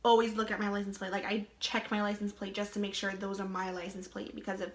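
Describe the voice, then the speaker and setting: A woman's voice: mid-range voice, level tone, fast talker. Chatty young woman in an echoey room. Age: young adult. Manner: chatty, full of "like", laughing asides. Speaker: vlogger. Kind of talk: casual storytime vlog. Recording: roomy echo.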